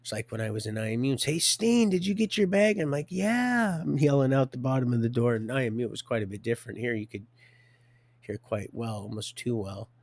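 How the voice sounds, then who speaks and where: A man's voice: medium pitch, steady tone, fast, darkish tone, dry recording. Rambling middle-aged man, dry sound. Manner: rambling, stops and restarts, chuckles a lot. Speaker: live streamer telling his life story. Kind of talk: rambling casual storytelling.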